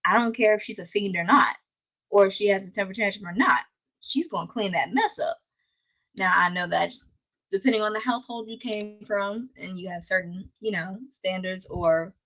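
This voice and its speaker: A woman's voice: mid-range voice, fairly bright tone, poor audio. A woman hosting a casual anime recap, laughing often and playfully scolding the characters. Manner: exasperated, scolding asides.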